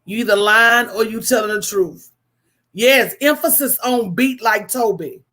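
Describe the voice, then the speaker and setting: Slow-talking woman preaching to viewers. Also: on the high side. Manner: animated, preachy storytelling with call-and-response asides. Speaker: host. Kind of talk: casual livestream talk.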